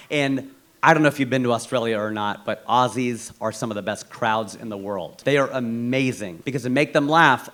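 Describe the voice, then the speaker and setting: Animated stand-up comedian, lively pitch. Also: male voice. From Cincinnati, Ohio, USA. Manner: animated, punchy delivery.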